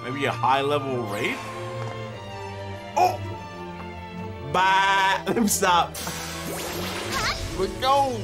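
A young man reacting to a film, excitable and slangy, blurting confused outbursts as he watches. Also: high-pitched, drawn-out words, long pauses. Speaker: anime reactor. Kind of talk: reaction video commentary. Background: film soundtrack music.

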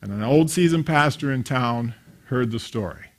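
A man's voice: mid-range voice, normal speed. A man in his fifties preaching a sermon, telling stories and acting out the voices of the people in them. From grew up attending a small country church. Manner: storytelling, acts out voices in anecdotes. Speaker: pastor.

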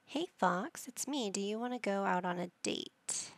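A woman's voice: medium pitch, normal speed, creaky, a little hiss or hum, natural voice. A woman voicing a friendly young woman in a game who eagerly asks for a date.

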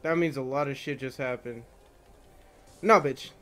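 A young man streaming a video game, shouting and yelping excitably at enemies with lots of swearing. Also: mid-range voice, unhurried, slight background noise. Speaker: gaming streamer. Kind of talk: live game-stream commentary.

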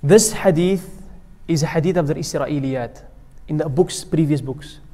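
A fairly high-pitched, warm male voice at normal speed belongs to a sheikh delivering a Ramadan sermon. He tells stories and recites Arabic phrases, his words trailing into the long echo of the mosque hall.

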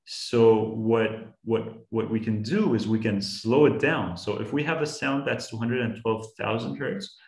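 Low gravelly man explaining science to kids. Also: measured pace, few pauses, darkish tone, roomy sound, rough recording. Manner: patient, simple examples, frequent restarts. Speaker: science educator. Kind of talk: explaining to young students.

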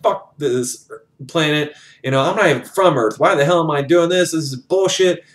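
A man's voice: medium pitch, animated, normal speed, a bit bright, reverberant, natural voice. A man voicing an angry young male soldier who swears and vents his frustration. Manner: exasperated, profane.

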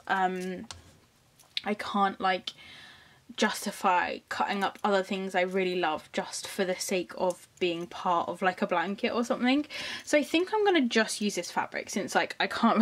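A young woman with a slight lisp, chatting in a rambling, casual way at home as she talks through a crafting project. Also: mid-range voice. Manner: chatty and rambling, many ums and likes. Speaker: crafting vlogger. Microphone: camera on the floor.

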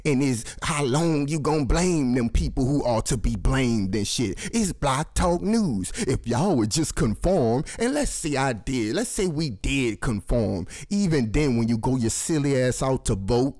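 A man's voice: mid-range voice, animated, unhurried, few pauses, darkish tone. Ranting, foul-mouthed male host. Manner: angry, preachy, swears constantly. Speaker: commentary show host. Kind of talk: profane ranting commentary.

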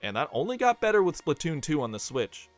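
A man's voice: a little high, big pitch swings, a little fast, faint music behind. A man giving scripted video essay narration, slipping in dry, joking asides.

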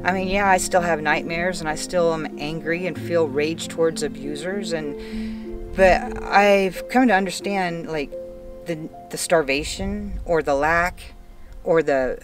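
A woman's voice: fairly low pitch, unhurried, far from the mic, over music. A woman frankly sharing a painful life story as an interviewee, emotional and close to tears, swearing freely. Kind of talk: candid personal storytelling.

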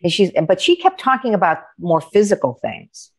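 A woman's voice: mid-range voice, moderate pace, breathy edge. A middle-aged woman coach, a guest on an interview, telling stories with animation and acting out the dialogue of other people. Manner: animated, acts out quoted dialogue. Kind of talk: conversational storytelling.

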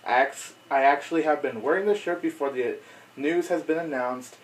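Excitable chatty male vlogger. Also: a little high, normal speed, far from the mic. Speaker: video blogger. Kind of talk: casual unedited chat to camera.

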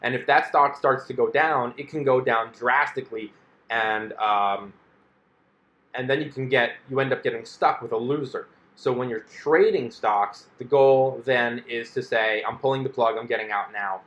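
A man's voice: mid-range voice, a little slow, fairly bright tone, roomy sound. A man hosting a personal finance video, explaining things in a casual monologue and acting out an investor's inner voice. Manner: chatty, acts out an investor's inner voice in quotes.

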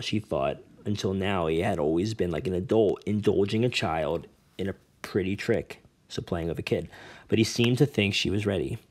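A man's voice: lowish voice, darkish tone. A man narrating a novel aloud in a plain reading style, with some stumbles over words. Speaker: audiobook reader. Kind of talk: amateur audiobook narration.

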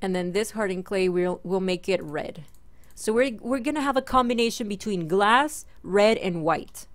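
A woman's voice: medium pitch, normal speed. A woman hosting a gaming channel, chatting casually and playfully through her game and talking to her in-game pets. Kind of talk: casual let's-play commentary.

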